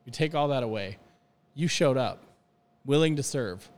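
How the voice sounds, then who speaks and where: A man's voice: medium pitch, lively intonation, moderate pace, long reverb tail. A man on a podcast talking earnestly about hospitality in a rambling, casual way with many restarts.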